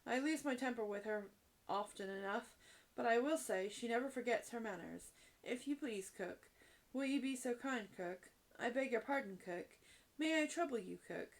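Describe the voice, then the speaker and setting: A woman's voice: a little high, normal speed, vocal fry, poor audio. A woman voicing a grudging, gossipy cook in a storybook reading. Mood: grumbling. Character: grumbling working-class woman cook.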